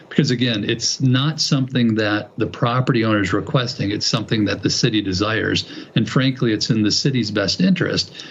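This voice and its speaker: A man presenting to a city plan commission, explaining things in a measured, methodical way with occasional restarts. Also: on the low side. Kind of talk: explanatory presentation at a public meeting. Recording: muffled, lo-fi meeting recording.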